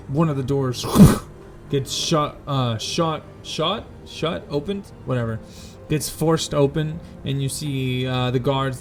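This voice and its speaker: Slow-paced man narrating a tabletop game. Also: medium pitch. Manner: slow, descriptive, with fillers and self-corrections. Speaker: game master.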